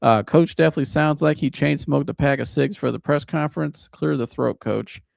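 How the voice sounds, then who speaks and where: A man hosting a live sports reaction show, talking in an animated, casual, joking way with some swearing. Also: fairly high pitch, brisk, creaky, dry recording, clean studio sound. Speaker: sports podcast host.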